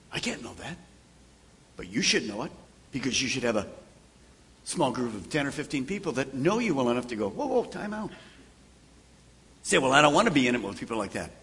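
Older man, pastor, sermon, lively swooping pitch, bright tone, acts out conversations. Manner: animated preacher acting out conversations, shifting from loud to hushed.

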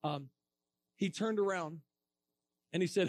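A man preaching to a room of students, telling a story with lively acted-out quotes and bursts of laughter. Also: on the high side, normal speed, long pauses, dry recording. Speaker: evangelist speaking to students. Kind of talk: storytelling sermon.

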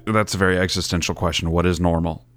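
A man's voice: sits low, flat delivery, fast, a bit bright, dry recording. A man voicing a nervous, fretful man with a camera, who stammers and rambles anxiously. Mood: rambling.

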